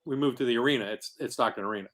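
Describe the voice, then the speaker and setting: A man's voice: mid-range voice, very fast, a bit bright. A man talking as a guest on a podcast, telling how he founded a comic convention in an earnest, rambling way. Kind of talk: casual podcast interview.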